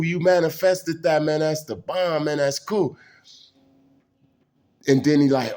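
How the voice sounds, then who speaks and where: A man's voice: mid-range voice, lively intonation, unhurried, a little mellow. A man, telling personal stories in a rambling, intense way and saying "man" again and again. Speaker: storyteller. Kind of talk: casual personal storytelling.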